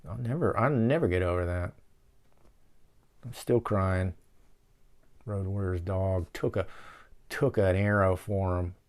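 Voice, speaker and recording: A man's voice: deep voice, unhurried, pauses often, darkish tone. A man hosting a casual movie-riffing show from his office, rambling and swearing as he rants. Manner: rambling, profane, ranting. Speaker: show host.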